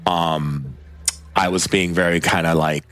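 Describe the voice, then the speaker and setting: A man's voice: sits low, steady tone, measured pace, fairly bright tone, dry recording. A man telling stories in a casual, rambling way, full of filler words, as a spiritual teacher. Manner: rambling, filler-heavy, conversational. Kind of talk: casual storytelling talk.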